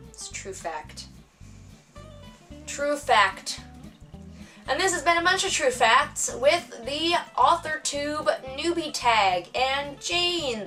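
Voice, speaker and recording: A woman's voice: high voice, sharp tone, far from the mic. A woman author chatting casually through tag questions on her vlog, playful and self-mocking. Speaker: author vlogger.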